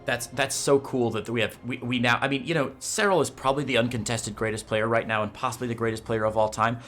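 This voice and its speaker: A man's voice: medium pitch, steady tone, quick pace, a bit bright, soft background music. A man with a Midwestern American accent casting an esports match, chatty and joking. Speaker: esports caster. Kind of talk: play-by-play commentary.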